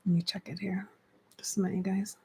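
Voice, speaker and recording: Breathy woman channeling spirits on a livestream. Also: mid-range voice, level tone, quick pace. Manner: soft, drifting often into hushed whispers. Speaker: psychic medium. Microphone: close desk mic.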